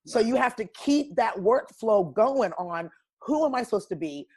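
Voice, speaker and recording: A woman's voice: fairly high pitch, lively intonation, normal speed, a little mellow, slightly rough. Woman guest, wellness coach type. Emphatic, straight-talking, preachy. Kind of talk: casual podcast conversation.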